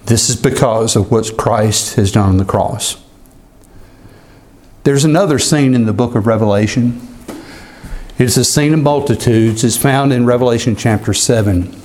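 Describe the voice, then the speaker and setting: A man preaching a sermon as pastor, talking in a measured way and slowing down when he reads scripture aloud. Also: mid-range voice, darkish tone.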